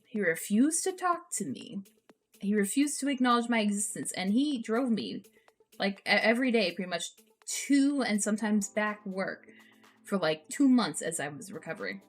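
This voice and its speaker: A woman streamer reacting to posts and telling stories in an animated, profane, ranting way. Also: mid-range voice, moderate pace, faint music behind. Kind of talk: casual storytelling stream.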